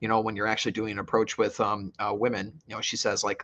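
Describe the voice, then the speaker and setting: A man hosting a casual podcast chat, talking haltingly with many fillers. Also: lowish voice, fairly bright tone. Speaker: podcast host. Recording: dull lo-fi sound.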